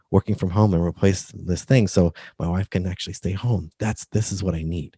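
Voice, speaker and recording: A man's voice: low-pitched, brisk, few pauses, warm tone, breathy edge, dry recording, studio quality. A man as a podcast guest, explaining earnestly how books should lead readers to one step. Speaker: guest, book coach. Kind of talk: podcast interview.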